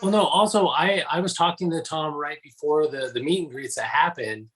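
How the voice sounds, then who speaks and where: A man's voice: a little high, normal speed, fairly bright tone, rough recording. A man co-hosting a casual podcast, telling a rambling story with restarts. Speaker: podcast co-host.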